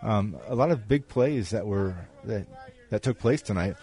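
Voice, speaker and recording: A man's voice: fairly low pitch, moderate pace, mellow. A man giving color commentary on a postgame football radio show, rambling with many restarts. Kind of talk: postgame radio sports talk.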